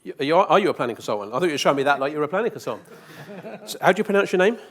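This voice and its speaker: A man's voice: on the high side, lively intonation, racing. A man giving a live conference presentation, joking with the audience and asking rhetorical questions. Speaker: conference speaker. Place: conference hall.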